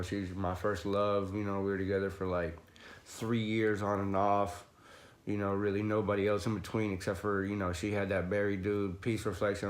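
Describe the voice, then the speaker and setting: Rambling, profane young man. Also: on the low side. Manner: rambling, profane, full of fillers like "you know"; laughs often and gets loud when reliving a fight. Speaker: livestream host. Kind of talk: casual livestream storytelling.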